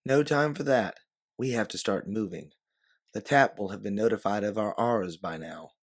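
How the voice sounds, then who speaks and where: A man voicing a brisk, quick-witted woman time-traveler who barks orders and sometimes puts on a syrupy Southern act. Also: lowish voice. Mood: urgent. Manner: commanding, yelling orders.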